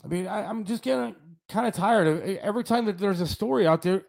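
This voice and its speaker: High-voiced man in a heated argument. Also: fast talker, gravelly, darkish tone. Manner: accusing, blunt, repeats himself. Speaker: radio talk show host.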